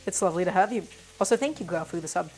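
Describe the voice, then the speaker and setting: A woman's voice: on the low side, lively intonation, very fast, darkish tone. A woman hosting a casual cooking live stream, talking through each step and greeting her viewers by name. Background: faint music and sizzling pan.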